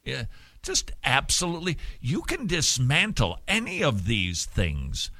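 A man's voice: medium pitch, wildly swooping pitch, a little slow, sharp tone, dry recording. A man hosting an opinion show, giving mocking, sarcastic commentary. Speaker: show host.

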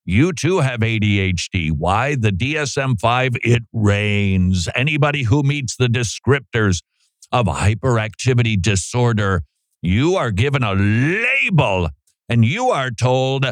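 A man's voice: lowish voice, dry recording. A man hosting a radio talk show, commenting on played clips with sarcastic, joking asides. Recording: dry studio sound.

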